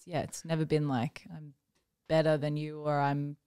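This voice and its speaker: A young woman co-hosting a podcast, easygoing and quick to react in casual chat. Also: sits low, completely flat delivery, dark tone, clean tone. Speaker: podcast co-host.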